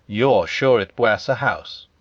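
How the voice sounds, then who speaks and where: A man's voice: on the low side, lively intonation, slow, no echo, highs cut off, exaggerated voice. A man voicing a friendly, simple-minded male teddy bear who talks eagerly and hesitantly in a storybook reading. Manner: warm, hesitant, eager way of talking.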